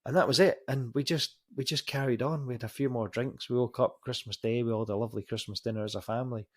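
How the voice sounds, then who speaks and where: A man's voice: medium pitch, fairly even intonation, quick pace. A man, a podcast host, telling a story in a casual and rambling way and swearing freely.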